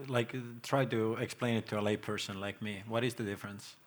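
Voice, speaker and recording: A man's voice: lowish voice, steady tone, fairly quick. A man hosting an onstage talk, asking plain, curious questions. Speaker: host. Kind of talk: onstage interview. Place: gallery hall before an audience.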